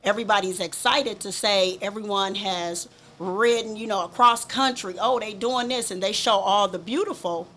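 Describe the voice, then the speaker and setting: A woman's voice: mid-range voice, moderate pace, few pauses, pushed and bright, a little hiss or hum. A woman from Compton giving a candid interview about riding, talking emphatically and repeating her points. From Compton, California. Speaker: motorcycle rider, interview guest. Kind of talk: casual interview chat.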